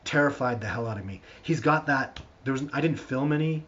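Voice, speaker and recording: A man hosting a live stream, answering viewer questions in a rambling, animated storytelling way with lots of restarts. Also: mid-range voice, brisk. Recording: dull lo-fi stream audio.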